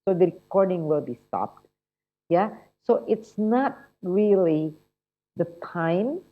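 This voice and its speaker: Low-pitched woman, encouraging instructor, dull call audio. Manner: chatty, encouraging, checks in with "yeah?" and "right?". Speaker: TOEFL instructor. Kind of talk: online workshop teaching. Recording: muffled lo-fi online call audio.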